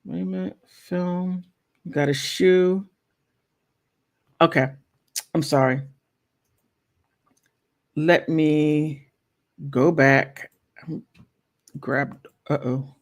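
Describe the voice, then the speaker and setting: A woman's voice: deep voice, steady tone, drawn-out words, pauses often. A woman hosting her own channel, talking casually while she browses online, thinking aloud with many restarts. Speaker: channel host.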